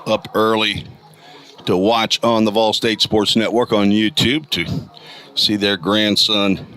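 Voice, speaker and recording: A man with a gravelly morning voice calling college baseball play-by-play, reading stats in a steady, detailed way. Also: fairly low pitch, takes it slowly, faint music behind. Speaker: play-by-play announcer. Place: outdoor college ballpark.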